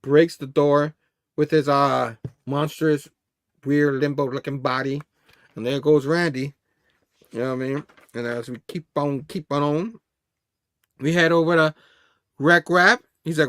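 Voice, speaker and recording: A man's voice: on the high side, fairly even intonation, a little slow, long pauses, fairly bright tone, no echo, studio quality. A man hosting a casual comic book review show, rambling and laughing as he reads panels aloud. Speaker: host.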